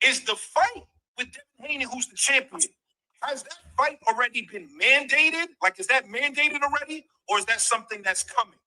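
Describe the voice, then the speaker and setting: A man co-hosting a boxing live stream, speaking earnestly and turning formal as he introduces a guest. His voice is very bright and sharp. He asks his questions plainly. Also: very high-pitched, normal speed, poor audio. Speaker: live stream co-host and interviewer. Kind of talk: casual interview on live stream.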